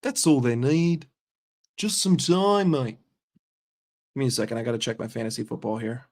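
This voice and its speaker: A man's voice: medium pitch, normal speed, darkish tone. A young man ranting in a football vlog, swearing and mocking in an exasperated way. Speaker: football vlogger.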